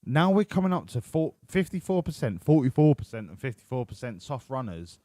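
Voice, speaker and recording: A man's voice: mid-range voice, very animated, brisk, mellow, no echo. A man live-streaming a racing game, chatting in a profane, rambling way. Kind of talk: casual live-stream commentary. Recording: with game music behind.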